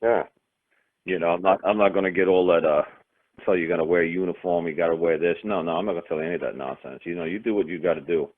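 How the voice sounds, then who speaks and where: A man's voice: low voice, fast talker, no room sound. A man telling stories in casual talk, blunt and emphatic, often cursing. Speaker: teacher of a study group. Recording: tinny phone-line sound.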